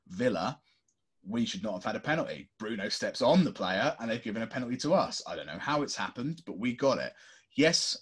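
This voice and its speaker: A podcast co-host with a husky edge to his voice. He talks in an impassioned rant, his intonation leaping up and down, and he swears without holding back. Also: on the low side. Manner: impassioned, ranting, swears freely. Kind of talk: casual chat.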